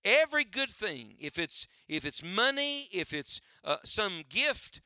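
A man's voice: high-pitched, sing-song, a little slow, bright, forceful tone, clean tone, dry recording, studio quality. A man preaching a sermon to his church, using a preacher's cadence and rhetorical questions, often asking listeners to write down his points. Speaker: pastor.

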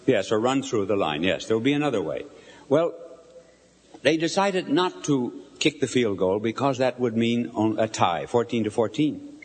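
An older man preaches with a lively, swooping delivery that rises and falls as he tells his story. He stops to quiz the crowd directly. The voice rings out with a long reverb from a large hall. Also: medium pitch, moderate pace. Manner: animated storyteller, asks the audience questions. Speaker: bishop preaching. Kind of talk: live sermon to an audience. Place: large hall before a live audience.

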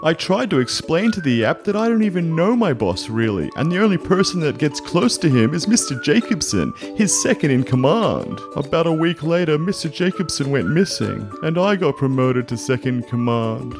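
A man's voice: fairly high pitch, big pitch swings, moderate pace, few pauses, music in the background. A man playing a worried office worker giving an earnest testimonial in a sketch comedy podcast. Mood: anxious. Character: anxious office worker trapped by a sinister app.

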